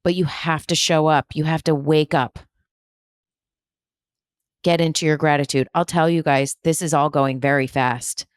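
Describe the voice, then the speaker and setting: A woman's voice: low voice, steady tone, moderate pace, pauses often, clear, resonant tone, dry recording, studio quality. A woman hosting a spiritual podcast, giving an emphatic, repetitive motivational talk with blunt swearing and humor. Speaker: spiritual medium and podcast host.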